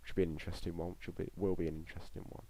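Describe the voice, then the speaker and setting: A man's voice: low-pitched, level tone, rapid-fire, mellow. A young man giving live, chatty football reaction commentary on a stream, rambling between play calls and chat replies.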